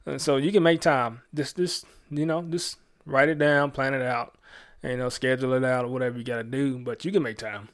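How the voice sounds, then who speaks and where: A man hosting a radio show, talking about faith in a relaxed, slangy, conversational way with lots of fillers and restarts. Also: mid-range voice, a little fast. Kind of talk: casual faith talk on radio.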